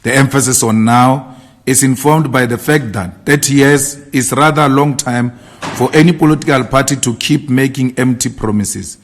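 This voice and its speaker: A man delivering a formal political statement in a declamatory, repetitive rallying cadence. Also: mid-range voice. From South Africa. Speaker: party leader giving a statement.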